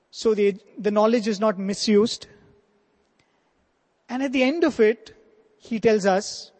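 A man's voice: very high-pitched, fairly even intonation, unhurried, pauses often, darkish tone. A man telling a devotional story earnestly as a spiritual speaker, with asides like "you know". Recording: long hall reverb.

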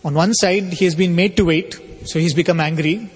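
A man telling a spiritual story as a sermon, in a measured, explanatory way. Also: sits high, fairly even intonation, husky, faint music behind. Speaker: spiritual speaker. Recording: long hall reverb.

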